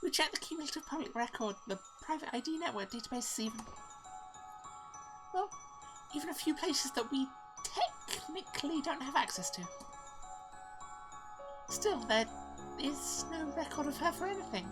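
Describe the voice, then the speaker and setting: A woman puts on a bubbly young female records assistant from a game. She chirps in a high singsong voice that leaps and dips. Game music plays underneath. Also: lively intonation, moderate pace, pauses often. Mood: chirpy.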